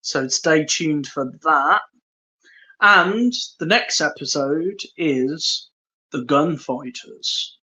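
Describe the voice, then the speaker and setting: A man's voice: a little high, drawn-out words, sharp tone, muffled recording. A man co-hosting a podcast in casual chat, giving brief dry replies. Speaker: podcast co-host.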